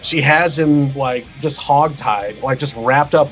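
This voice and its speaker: A man guesting on a podcast, spinning a rowdy anecdote with plenty of swearing and acted-out voices. His voice sits at an ordinary pitch. The audio is dull and lo-fi, with faint music underneath. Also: takes it slowly. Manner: animated, profane, acts out quotes with shouts. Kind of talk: casual storytelling.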